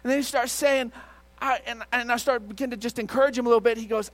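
A middle-aged male pastor telling a story in a sermon, shifting between loud outbursts and hushed retelling. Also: sits high, expressive, fast. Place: church auditorium.

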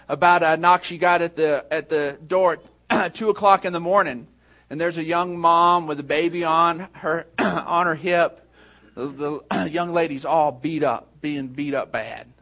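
A man's voice: a little high, moderate pace. A man preaches to his congregation. He tells stories, drawing some lines down almost to a murmur before raising his voice again. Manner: storytelling, swings from hushed to raised. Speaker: pastor. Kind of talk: sermon.

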